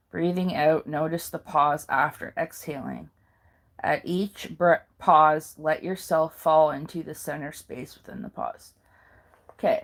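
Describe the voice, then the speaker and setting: A woman reading handouts aloud in a careful, halting way, pausing and correcting herself now and then. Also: lowish voice. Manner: slow careful reading with pauses and self-corrections. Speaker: video maker.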